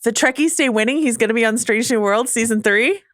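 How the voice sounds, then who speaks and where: A woman co-hosting a casual pop-culture podcast, making wry jokes and quick asides. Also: fairly high pitch, fairly bright tone, no echo, studio quality. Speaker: podcast co-host.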